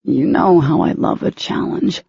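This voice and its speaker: A cocky young man from a romance audiobook, gentle and teasing with the woman he loves, as a woman narrator reads him in her own husky voice. The tone is warm and slightly gravelly. The recording is dull, dry and muffled. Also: low-pitched, a little slow, dry recording, exaggerated voice. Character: young adult man, cocky yet tender love interest.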